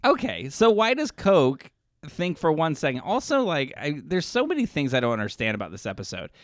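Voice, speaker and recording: A man's voice: on the high side, big pitch swings, a little fast, no room sound, clean studio sound. A man co-hosting a casual chat podcast, teasing and asking questions about the plot. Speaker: podcast co-host.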